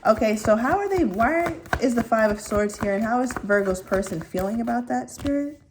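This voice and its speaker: A woman reading tarot cards for viewers in a chatty, animated way, with playful acted-out asides. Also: a little high, normal speed, noisy background. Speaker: tarot reader.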